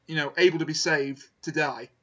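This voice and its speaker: A man hosting a casual review podcast, wry and measured, fond of puns. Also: a little high, fairly even intonation, a bit bright. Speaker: podcast host. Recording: dull lo-fi mic.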